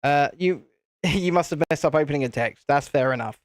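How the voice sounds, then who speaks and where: A man's voice: a little high, a little fast, dry recording, studio quality. A British man hosting a casual live stream, chatting to viewers in a self-deprecating way.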